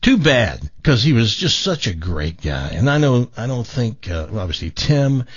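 A man's voice: medium pitch, big pitch swings, normal speed, husky, no echo, lo-fi sound. A male radio talk show host chatting on air in a reflective, rambling way, full of restarts. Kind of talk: casual on-air chat.

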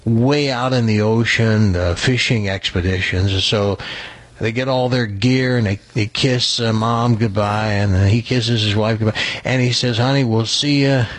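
A man hosting a radio show, telling a long joke in a folksy, animated way. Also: on the low side, moderate pace, no room sound. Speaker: radio host. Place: radio studio. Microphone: studio mic.

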